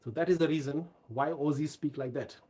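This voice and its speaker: Husky-voiced man giving animated career advice. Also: on the high side, a little fast. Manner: animated storytelling, emphatic. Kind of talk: casual live Q&A talk.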